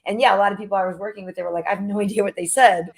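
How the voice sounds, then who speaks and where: A woman hosting a podcast in casual chat, talkative and quick to laugh, with lots of fillers. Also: mid-range voice, steady tone. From Jamaica. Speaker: podcast host.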